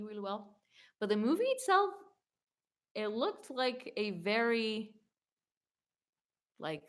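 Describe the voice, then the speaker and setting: Answering her fans in a relaxed Q&A video, a young YouTube singer reads out their comments and responds with rambling chatter, peppering it with "like" and correcting herself quickly. She speaks at a medium pitch.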